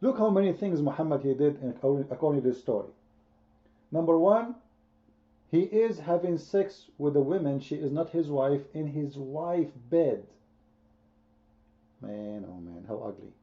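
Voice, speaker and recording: With a fairly high, animated voice at normal speed, broken by long pauses, a man runs a heated online debate. He is emphatic and repetitive and quizzes his listeners throughout. The audio sounds dull.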